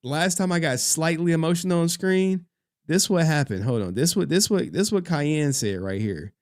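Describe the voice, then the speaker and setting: A man's voice: a little high, animated, moderate pace, no echo, clean studio sound. A man hosting a livestream, chatting loosely with his audience, swearing and getting emotional as he reads their messages. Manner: loose, profane, emotional, reads chat aloud. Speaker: livestream host. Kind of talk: casual livestream chat.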